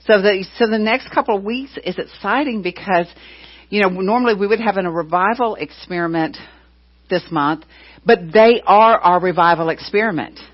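A woman's voice: medium pitch, normal speed, breathy edge. A middle-aged woman who leads a church gives casual announcements, a chatty storyteller who fills her talk with "you know" and retold dialogue. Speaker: church leader. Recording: dull, muffled lo-fi recording.

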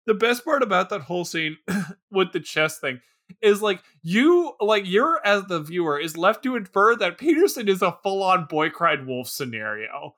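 A man's voice: sits high, moderate pace. A man co-hosting a casual podcast, mocking a bad movie and acting out its characters with lots of laughter. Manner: excitable, laughing, acts out quotes. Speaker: podcast co-host. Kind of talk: casual movie-riffing chat.

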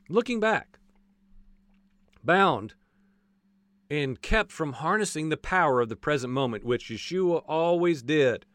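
A man preaching a casual, animated sermon, acting out voices from the stories and joking as he goes. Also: fairly high pitch, no room sound. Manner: folksy, says "y'all" and jokes.

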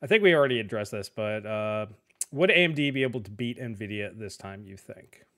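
A middle-aged man hosting a casual tech podcast, laid-back and often trailing off quietly at the ends of sentences. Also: on the low side, expressive, fairly quick. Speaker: podcast host.

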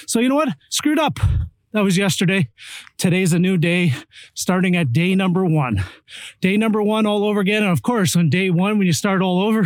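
A man coaching real estate investors through a short motivational talk, punchy and full of energy. His voice sits high for a man, and the sound is dry and close with no room around it. He keeps driving the point home with short rallying lines. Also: dry recording. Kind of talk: motivational monologue.

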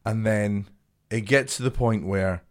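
Swearing, animated young man telling stories. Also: lowish voice, measured pace. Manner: animated storyteller, swears freely, acts out quotes. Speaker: podcast co-host, comedian. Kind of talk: casual chat.

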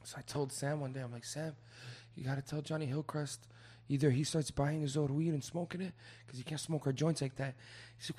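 A young man in casual chat, telling rowdy stories and swearing a lot, acting out loud quoted voices. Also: medium pitch, fairly even intonation, brisk.

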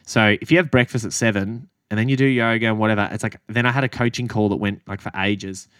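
A low-pitched Australian man tells a story in a relaxed podcast chat, swearing freely and acting out the quotes with lively energy. The sound is dry and close, with no room around it. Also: quick pace, no echo. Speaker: podcast co-host and running coach.

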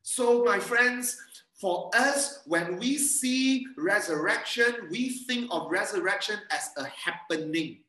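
A man's voice: sits high, expressive, takes it slowly, pushed and bright. A man preaching a sermon over a video call, earnest and repeating phrases for emphasis. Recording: echoey room, a bit far from mic.

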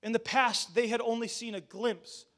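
A man's voice: very high voice, normal speed. A male pastor delivering a sermon. He talks to the congregation directly and mixes scripture with chatty asides and restarts. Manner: animated, addresses the congregation directly.

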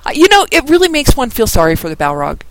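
A man's voice: very high voice, huge pitch swings, quick pace, fairly bright tone, dry recording, low-quality recording. A man co-hosting a podcast, rambling goofily while watching a film. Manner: rambling, goofy commentary. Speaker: podcast co-host. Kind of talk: casual chat.

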